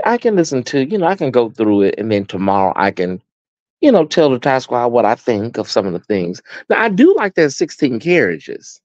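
A sassy, chatty American man hosting a live stream, his pitch swooping up and down as he talks. His voice is dark and mellow, recorded dry and a little dull. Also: no room sound. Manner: sassy, chatty, addresses viewers as honey and baby. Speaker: host. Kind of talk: casual live-stream chat.

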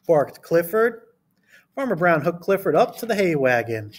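Man, teacher reading to kids, animated, higher-pitched voice, storybook voices. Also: moderate pace. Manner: gentle, instructive, talking directly to children. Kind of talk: read-aloud lesson for children.

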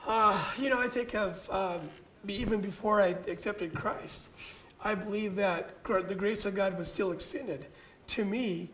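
A man's voice: high-pitched, unhurried, a bit bright, slight background noise, poor audio. A man, a pastor, sharing church teaching in an earnest, conversational way and often saying "you know".

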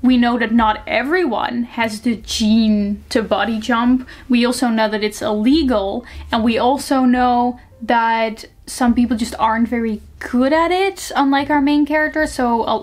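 A young woman talking casually and frankly into the camera, reviewing books in a chatty way full of fillers. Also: fairly high pitch. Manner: chatty, frank, lots of fillers like "like" and "you know". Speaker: book reviewer. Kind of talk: casual book review vlog.

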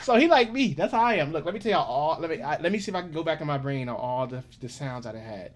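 A man in his thirties hosting a reaction channel, chatting casually in an excitable, rambling way. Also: fairly high pitch, fast, background noise. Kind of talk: casual chat.

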